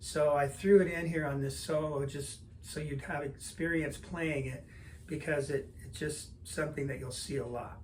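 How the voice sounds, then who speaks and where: Older man, drum teacher, relaxed explaining, counts in, somewhat high pitch, faint noise behind. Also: moderate pace. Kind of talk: instructional lesson talk.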